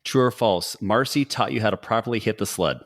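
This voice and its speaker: A middle-aged man hosting a podcast in a casual, upbeat and jokey way, firing off quick quiz questions. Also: on the low side. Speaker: podcast host. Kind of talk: casual interview talk.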